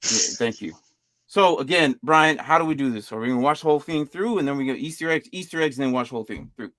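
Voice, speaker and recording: A man's voice: mid-range voice, fairly bright tone, no echo. Laid-back man hosting a podcast. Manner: loose, laughing, reads signs aloud haltingly. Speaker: podcast host. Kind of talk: casual chat, reacting to a video.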